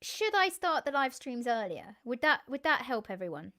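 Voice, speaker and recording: Giggly high-voiced woman chatting. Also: very animated, normal speed, pushed and bright. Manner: chatty, giggly, thanks viewers by name. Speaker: musician hosting a live stream. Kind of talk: casual chat with viewers.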